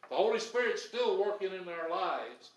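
Male pastor, high voice, emphatic preaching with repetition; roomy, distant church recording. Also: big pitch swings, moderate pace. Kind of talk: sermon. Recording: echoey room, voice from off-mic.

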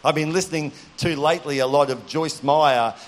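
Earnest preacher, slightly high. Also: male voice, normal speed. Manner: earnest, storytelling, direct to the audience. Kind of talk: sermon.

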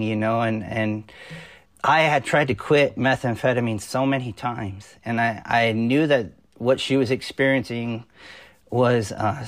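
A man in his forties, a pastor, telling his personal testimony in a podcast interview, earnest and halting with many fillers and restarts. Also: medium pitch, dry recording.

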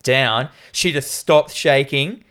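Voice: mid-range voice, slow, a bit bright, soft background music. A speaker chatting casually through a horror film recap, cracking jokes, swearing and acting out lines in put-on voices.

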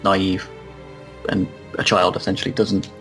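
A man with a fairly low voice talks through details in a relaxed, informative way. He is co-hosting a casual podcast chat, with faint music under him. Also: measured pace. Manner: explanatory, informative. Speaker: podcast co-host. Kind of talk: casual discussion.

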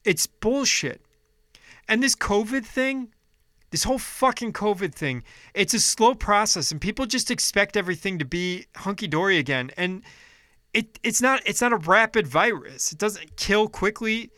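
A man, upset and frustrated, rants with a high, sharp voice, full of swearing and broken-off restarts. His tone stays heated and indignant throughout. The sound is dry and close. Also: expressive, moderate pace, no room sound. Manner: heated, profane, restarting sentences. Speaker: vlogger. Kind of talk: angry political rant.

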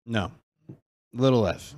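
A man's voice: medium pitch, measured pace, a little mellow. A man co-hosting a casual podcast, laid-back and goofy, often laughing. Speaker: podcast co-host. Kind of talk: casual chat.

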